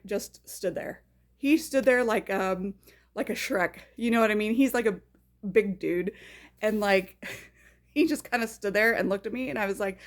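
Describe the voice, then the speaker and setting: A woman telling a personal story in a casual, chatty way, full of "like" and "you know", acting out her own reactions as she goes. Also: mid-range voice. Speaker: storyteller recounting a personal memory.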